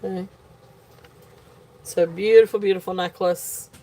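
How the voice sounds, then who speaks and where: A woman's voice: fairly low pitch, steady tone, unhurried, dark tone. A woman at home hosting a live jewelry sale, gushing over each piece with many ums. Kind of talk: live auction selling.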